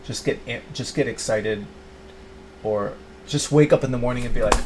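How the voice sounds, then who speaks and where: A man's voice: mid-range voice, normal speed. A middle-aged man rambling to camera in a confessional, self-pitying monologue, his talk full of "like" and restarts. He drops into mock voices when quoting himself. Faint background noise sits under his voice. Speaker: YouTuber.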